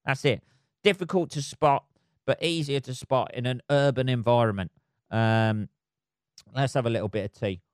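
Guy rambling on his podcast, swears a lot, mocks himself, mid pitch, smooth clear voice. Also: normal speed, no room sound, studio quality. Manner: sweary, rambling, self-mocking. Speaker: podcast host. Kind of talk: casual solo monologue. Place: flat at home below noisy neighbours.

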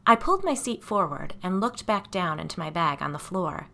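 A woman's voice: on the low side, very animated, moderate pace, gravelly, hardly any pauses, pushed and bright. A woman reading a first-person story aloud in a conversational way, with asides to her listeners.

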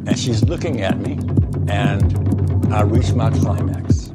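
A man's voice: lowish voice, unhurried. An older man telling his own experiences in an earnest, matter-of-fact way, in an interview clip. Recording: played clip with loud music behind.

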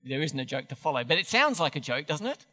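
A male preacher gives a sermon in a chatty, self-deprecating way. His voice is high and bright, and his pitch swings widely. Long reverb from the church hall trails behind him. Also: sing-song, quick pace.

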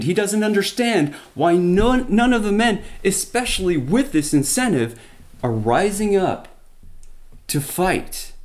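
A man with a slightly higher voice is teaching from the Bible. He tells the story in an animated way, breaking off and restarting as he goes, and talks straight to his listeners. Now and then his voice climbs when he gets worked up. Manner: animated retelling with frequent restarts and asides. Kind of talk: sermon.

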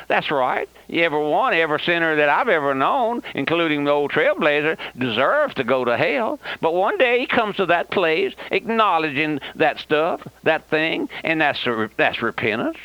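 A man's voice: on the high side, big pitch swings, normal speed, few pauses, sharp tone, no echo. An older man preaching a fiery radio sermon, with an impassioned, repetitive cadence and folksy asides. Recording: dull lo-fi old radio broadcast.

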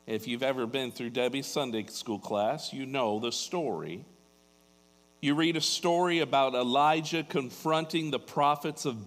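A man's voice: a little high, fairly bright tone. A man preaching a sermon, telling a Bible story dramatically and building to emphatic peaks. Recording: long hall reverb.

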